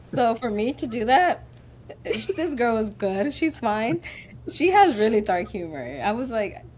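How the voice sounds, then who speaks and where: A woman's voice: on the high side, sing-song, measured pace, darkish tone, a little hiss or hum. A middle-aged woman on a podcast, talkative and teasing, often chiming in over others. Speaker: guest, mother. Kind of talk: casual podcast chat.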